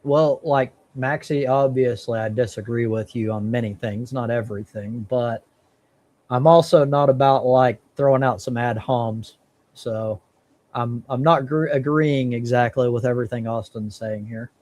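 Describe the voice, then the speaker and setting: A man hosts a live stream, speaking at a measured pace in a mid-range voice with a darkish tone. Casual and blunt, he swears plenty and talks through his thinking as he works out his thoughts.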